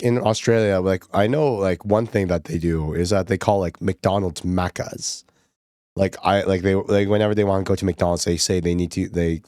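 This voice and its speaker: A man's voice: low voice, darkish tone, dry recording, studio quality. A young man, a VTuber streamer, chatting casually with his viewers while playing a game, laughing often and rambling. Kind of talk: casual gaming commentary.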